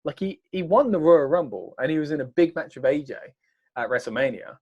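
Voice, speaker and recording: Rambling man, slightly high voice. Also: lively intonation, a little fast, darkish tone, breathy edge, dull audio. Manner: rambling, trailing off mid-sentence. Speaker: co-host. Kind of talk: casual reaction chat.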